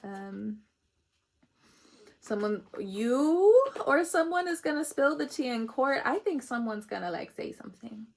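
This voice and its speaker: A woman's voice: on the high side, lively intonation, unhurried, gravelly. Woman tarot reader, casual and chatty, laughs a lot, slips into emotional asides. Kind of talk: casual spiritual reading.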